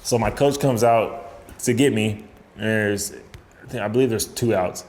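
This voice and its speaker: A young man telling a story in a casual chat, slangy and animated, jumping up high to act out what others said. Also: a little slow. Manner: animated, acts out quotes in a high voice; slangy, frequent "you know what I'm saying". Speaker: guest pitcher telling a story.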